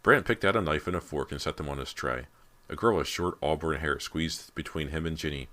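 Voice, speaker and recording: A man reading a teen horror novel as audiobook narrator, in a steady, measured way. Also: extremely low pitch. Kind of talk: scripted narration.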